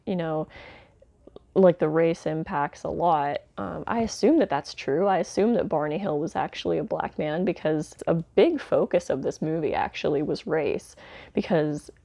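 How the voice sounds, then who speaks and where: A woman talks through a film review in a loose, unscripted way, dotting her sentences with "um" and "like" and slipping in candid, mildly sardonic asides. Her voice sits on the low side with a gravelly fry. The sound is close and dry, with no room around it. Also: moderate pace, warm tone, no room sound. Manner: chatty, many fillers like "um" and "like". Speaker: home video reviewer. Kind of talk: casual spoken film review.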